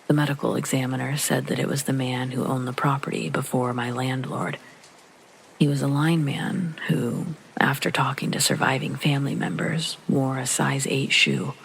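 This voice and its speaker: A man narrating a first-person horror story in a calm, low-key reading that often sinks to a soft whisper, with rain behind him. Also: gravelly, slight background noise, rough recording. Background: rain sounds.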